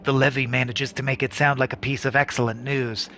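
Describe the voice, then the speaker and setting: A man's voice: mid-range voice, level tone, brisk, sharp tone, a little hiss or hum. A man playing a video game aloud, reading its text in casual, profane asides. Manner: casual, profane asides between read-outs. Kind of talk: game playthrough with narration.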